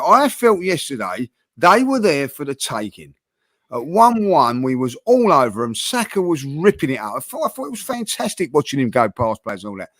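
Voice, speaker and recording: A man's voice: on the high side, no echo. A man hosting a casual football debate with his co-hosts, talking passionately and full of fillers and restarts. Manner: passionate, animated, heavy use of fillers and restarts. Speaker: host of a football fan channel.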